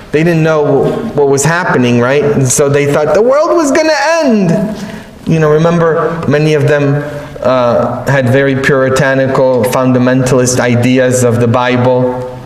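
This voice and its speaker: A man preaching a sermon as a priest, telling stories with joking asides in a slow homily style. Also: fairly high pitch, a little hiss or hum. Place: large church. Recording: echoey church from a distance.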